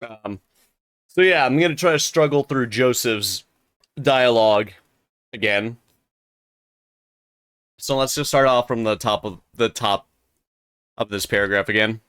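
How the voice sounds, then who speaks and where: Young male streamer, loose and rambling between readings, unhurried and clear. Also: medium pitch, a bit bright. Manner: rambling, many fillers and restarts. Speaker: streamer narrating a novel. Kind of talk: casual stream chat.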